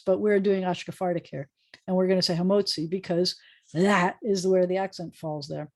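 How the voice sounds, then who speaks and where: A woman's voice: on the low side, fairly quick. A woman rabbi teaching a prayer book Hebrew lesson over a video call, explaining patiently with frequent ums. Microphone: video call microphone.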